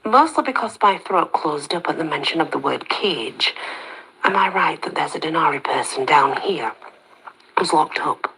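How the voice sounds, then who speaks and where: A woman narrating a story in the first person, soft-spoken and slipping into whispers. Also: low-pitched, lively intonation, normal speed, husky, poor audio.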